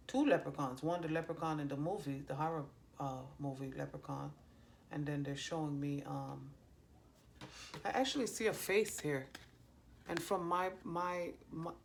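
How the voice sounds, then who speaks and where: A woman reads cards as a medium, stopping often with ums and half-started phrases. Her voice sits low and has a gravelly fry. A faint hiss stays under it the whole time. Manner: halting, many ums and restarts, relays heard messages. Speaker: psychic medium giving a card reading. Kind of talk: channeled reading to viewers. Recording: faint background noise.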